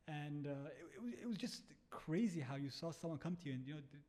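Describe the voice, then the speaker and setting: A man's voice: a little high, expressive, fast talker, hardly any pauses, darkish tone. A man, a startup founder, telling a story in casual chat, acting out quotes and swearing freely. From Bahrain.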